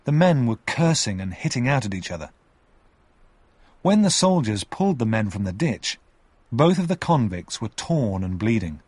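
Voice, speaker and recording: A man reading a story aloud with expressive narration. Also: medium pitch, normal speed, husky, no echo.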